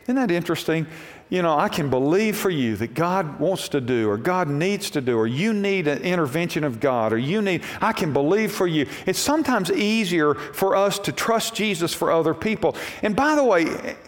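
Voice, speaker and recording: Telling folksy, homey stories from the pulpit, this male pastor acts out each quoted voice during his sermon. His pitch is fairly high, his intonation lively, his pace moderate. The sanctuary gives the recording the long reverb of a church hall.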